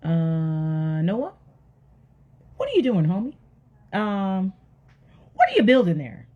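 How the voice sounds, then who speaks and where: A woman's voice: high voice, wildly swooping pitch, fairly quick, a little mellow, breathy edge, highs cut off, pitched above the performer's own voice, full character voice. A woman doing nosy, teasing neighbors. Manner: casual, teasing questions.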